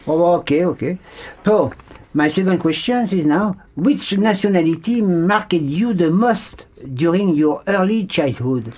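An interviewer hosts a comic mock interview. The delivery is theatrical and full of exclamations. Halting fillers break up the questions. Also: mid-range voice, lively intonation, a little mellow.

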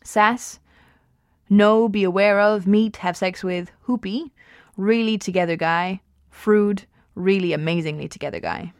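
A woman reading a novel aloud at an even pace, with small slips and restarts. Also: medium pitch, unhurried, no echo, clean studio sound. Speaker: reader.

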